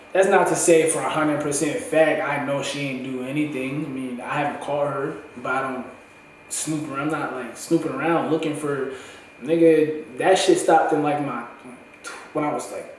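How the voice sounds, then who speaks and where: A young man in a candid, profane, slang-heavy monologue for his vlog, his voice going hoarse. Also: mid-range voice, steady tone, normal speed, slight background noise. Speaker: vlogger. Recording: echoey room, far from the mic.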